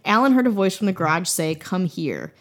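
A woman's voice: medium pitch, lively intonation, fast talker, a bit bright. A woman from Wisconsin hosting a podcast, telling a spooky story in a casual way with playful, jokey asides. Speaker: podcast host.

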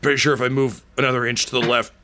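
A man's voice: medium pitch, level tone, very fast, sharp tone, slight background noise, pitched above the performer's own voice, close to an everyday voice. A man voicing a dying, massive, crude but loyal man who swears while gasping out urgent warnings. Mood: dying urgency.

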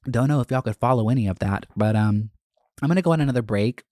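A man telling a storytime rant to his followers, casual and profane, with quick jumps up in pitch. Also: no echo, clean studio sound. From Atlanta area. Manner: profane, animated, quick bursts of rising pitch. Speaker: content creator.

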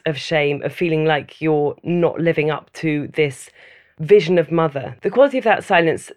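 A woman giving a thoughtful, measured personal account in an interview, often listing things in runs. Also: low voice. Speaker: mother interviewed about loneliness.

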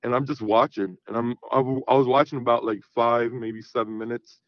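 A man's voice: medium pitch, fairly even intonation, fairly quick, no room sound. A man telling a long personal story in casual, rambling talk, full of swearing and "I'm like" asides. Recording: dull lo-fi sound.

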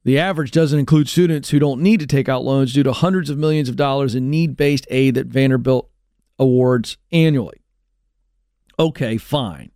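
A man's voice: normal speed, dark tone, no room sound. A man hosting a talk show, ranting sarcastically in an opinion monologue in a studio. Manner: sarcastic and ranting, big swings in pitch. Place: radio studio.

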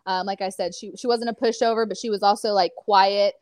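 A woman in her twenties from California, an athlete chatting casually as an interview guest, talking in animated stories full of fillers. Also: medium pitch, a little fast, no echo, clean studio sound.

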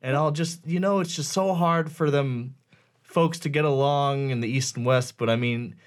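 A man's voice: medium pitch, normal speed. Rambling sardonic man on a podcast. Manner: rambling, sardonic, many fillers. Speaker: podcast host. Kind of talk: casual chat.

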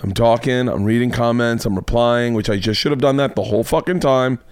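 A man hosting a comedy podcast, telling a story as a loose, swearing monologue whose voice jumps higher when he gets worked up. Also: brisk, smooth, dry recording. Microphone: podcast mic.

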